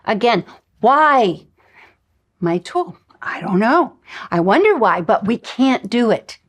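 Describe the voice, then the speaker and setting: Animated woman telling a story as a teacher. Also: on the high side, slow. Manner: animated storyteller, acts out dialogue. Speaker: spiritual teacher. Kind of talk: recorded lesson with personal stories.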